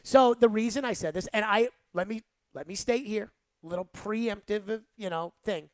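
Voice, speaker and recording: A woman's voice: medium pitch, moderate pace, a little mellow, no room sound. A woman hosting sports talk radio, giving rambling, emphatic opinions and saying "like" a lot.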